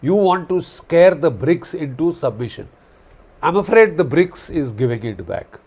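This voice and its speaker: A man with a somewhat high-pitched voice delivers heated political commentary. He talks emphatically, with frequent fillers, and doubles back to repeat his key phrases. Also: animated, a little slow, a little mellow, breathy edge. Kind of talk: impassioned commentary.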